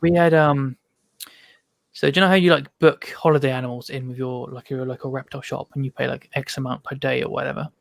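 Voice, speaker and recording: A man's voice: medium pitch, fairly even intonation, fast talker, vocal fry, dry recording. A man, a podcast guest, telling casual stories full of ums and restarts. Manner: rambling storytelling with many ums. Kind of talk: casual chat.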